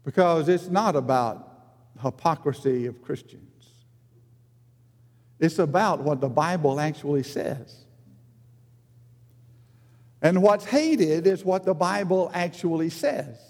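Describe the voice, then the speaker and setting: A man preaching a sermon in an earnest manner, rising for emphasis and then dropping low and quiet. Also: takes it slowly, long pauses. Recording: long hall reverb.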